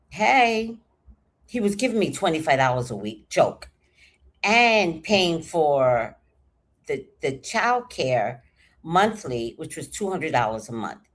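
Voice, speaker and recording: A woman telling a personal story in a casual, animated way, acting out what people said. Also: lowish voice. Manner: animated, acts out quoted voices.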